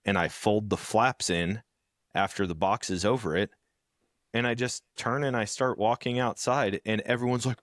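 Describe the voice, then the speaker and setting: A man with a low voice chats casually as a podcast co-host, spinning stories and acting out the people in them. His voice is recorded close and dry, with no room sound. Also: normal speed, no room sound. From rural background. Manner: storytelling, animated when acting out others. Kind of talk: casual chat.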